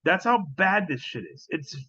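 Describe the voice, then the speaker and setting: A man's voice: high voice, very animated, normal speed, pushed and bright, slightly rough, no echo, lo-fi sound. A man hosting a podcast, reacting to clips in casual commentary, scornful and profane, often repeating himself.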